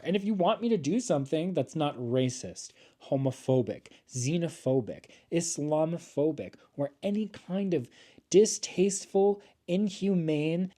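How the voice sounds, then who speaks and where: A young American man talking to his camera at home in a casual vlog, campy and self-mocking, swearing freely with dramatic comic pauses. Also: a little high, dark tone. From United States. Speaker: YouTuber introducing his channel. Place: home, seated at couch or table. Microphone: camera mic.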